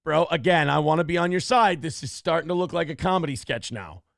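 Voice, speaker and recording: A man's voice: on the high side, expressive, a little fast, gravelly, a bit bright, no echo, clean studio sound. A man hosting a morning show, riffing on a news clip in a crude, profane, mocking rant. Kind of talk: comedic commentary on a news clip.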